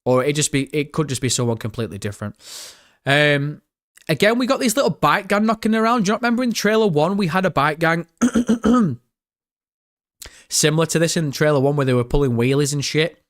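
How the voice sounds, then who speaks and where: Jokey northern English streamer, dry sound. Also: male voice, fairly high pitch, very animated, brisk, no room sound. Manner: chatty, jokey, reads chat aloud. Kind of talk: live-stream reaction commentary.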